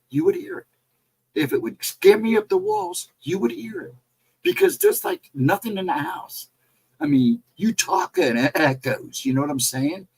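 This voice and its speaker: Male storyteller, husky and lively, casual ghost-story retelling. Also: on the high side, low-quality recording. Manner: animated, rambling retelling with restarts.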